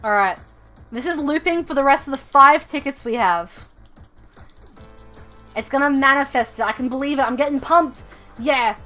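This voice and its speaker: High-voiced chatty woman streaming a game. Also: normal speed, pauses often, sharp tone, soft background music. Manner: chatty, rambling, repeats phrases. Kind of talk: casual live game commentary.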